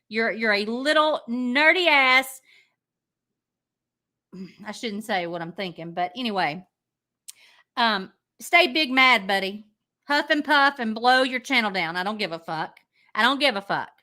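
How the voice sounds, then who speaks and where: A woman's voice: on the high side, bright, forceful tone. A woman guest on a call, mocking and taunting with lots of swearing. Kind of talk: heated casual chat.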